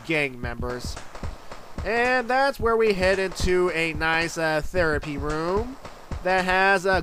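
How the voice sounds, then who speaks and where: Slow easygoing guy reviewing comics, lots of uhs, music playing under him. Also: on the high side, a bit bright. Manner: rambling, full of uh and um fillers. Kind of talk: casual review narration. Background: background music.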